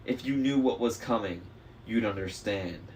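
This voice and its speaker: A man voicing a smug young male traitor demigod, smooth, mocking and persuasive. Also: fairly low pitch, moderate pace, darkish tone, close to an everyday voice. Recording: faint noise, slightly distant mic.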